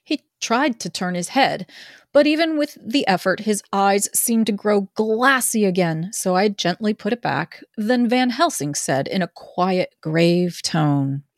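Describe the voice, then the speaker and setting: A woman reads a classic novel aloud in a relaxed group session. Her delivery is expressive with a playful edge, in a mid-pitched voice, recorded dry and close. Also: unhurried, no room sound. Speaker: narrator in a group reading. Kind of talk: casual amateur reading of a novel.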